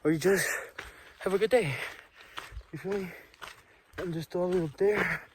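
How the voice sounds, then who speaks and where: A man's voice: high-pitched, normal speed, a little hiss or hum. Breathless young man vlogging a hike. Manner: upbeat, slangy, talks to viewers. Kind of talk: casual hiking vlog. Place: outdoors on a hiking trail.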